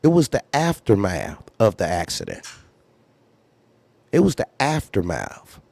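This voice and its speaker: A man's voice: medium pitch, darkish tone, no echo. A man who runs a trucking company, candidly telling a story in a blunt, profane way and repeating phrases for emphasis. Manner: acts out others' lines in raised voice.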